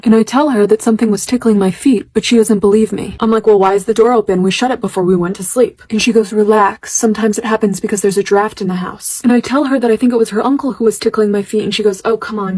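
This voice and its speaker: A woman's voice: medium pitch, a little mellow, slightly rough, poor audio. A young woman telling a first-person storytime in a casual, chatty way.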